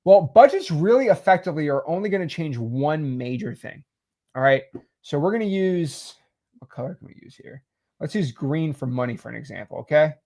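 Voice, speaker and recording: A man casually teaching real estate wholesaling while sketching, animated and salesy. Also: on the high side, moderate pace. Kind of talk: casual whiteboard explainer.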